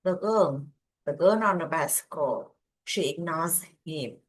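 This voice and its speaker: A woman answers English drill questions in short, careful sentences. She speaks slowly in a fairly low voice, pausing now and then to find the words. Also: lively intonation. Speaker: English student.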